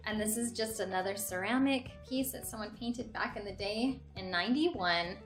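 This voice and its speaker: A woman's voice: medium pitch, moderate pace. Gushing young woman in an echoey room. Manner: gushing, excited. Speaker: host showing a thrift haul. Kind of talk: casual haul vlog. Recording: echoey room, faint music.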